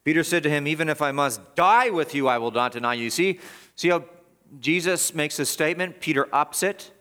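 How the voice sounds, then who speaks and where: A middle-aged male pastor preaching a sermon with a fairly high voice. He drives his points home with emphatic repetition, rising loud and then dropping to quiet asides. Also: expressive, a little fast. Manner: swings between loud emphatic peaks and low quiet asides. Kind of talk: expository sermon.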